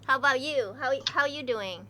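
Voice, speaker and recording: Giggly woman streamer, fairly high voice. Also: moderate pace, a crowd in the background. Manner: playful, giggly. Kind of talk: casual gaming chat.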